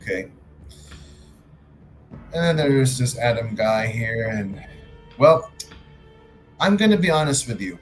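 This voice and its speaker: A man's voice: mid-range voice, expressive, takes it slowly, long pauses, faint music behind, low-quality recording. A man hosting a livestream, arguing his point with frequent restarts and some swearing. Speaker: livestream host. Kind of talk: casual livestream commentary.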